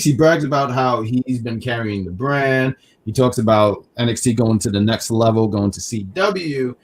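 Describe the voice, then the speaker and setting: A man co-hosting a casual wrestling review stream, talking in quick restarts and reading chat comments aloud. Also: lowish voice. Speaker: wrestling review show co-host.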